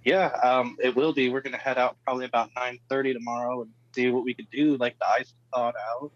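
A man's voice: medium pitch, level tone, quick pace, no room sound. Middle aged guy chatting easy, dry jokes, sound kinda muffled and lo-fi. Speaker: guest. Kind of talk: casual chat. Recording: dull lo-fi line.

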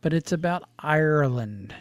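Co-host guy, higher voice that bounces around a lot, dry sound, wry quips. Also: expressive, moderate pace, no echo. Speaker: podcast co-host. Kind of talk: casual chat.

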